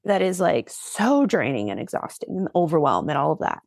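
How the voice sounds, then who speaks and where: A woman therapist and coach talking in a podcast interview, energetic and emphatic, speeding up in quick bursts. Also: sits low, creaky, no echo, clean studio sound. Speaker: ADHD therapist and coach, guest.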